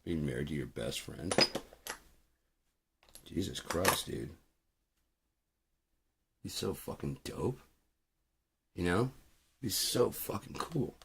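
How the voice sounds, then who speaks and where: Casual swearing streamer, deep gravelly voice with a lively pitch. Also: male voice, background noise. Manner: rambling, profane, lots of fillers. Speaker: music producer streaming. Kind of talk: casual chat.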